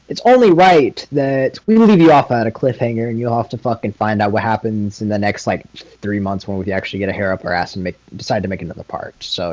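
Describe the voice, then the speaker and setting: A man's voice: fairly low pitch, darkish tone, no echo, rough recording. Laid-back, foul-mouthed guy in dry sound. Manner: profane, laid-back, laughs often. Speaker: guest YouTuber. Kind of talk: casual improvised storytelling.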